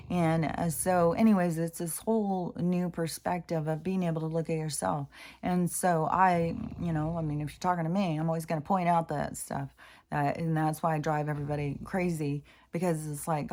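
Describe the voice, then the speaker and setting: A woman's voice: deep voice, steady tone, normal speed, darkish tone. A woman speaking in a casual spiritual monologue, rambling and interrupting herself as she tells a story. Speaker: spiritual vlogger. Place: home near mountains in Washington State.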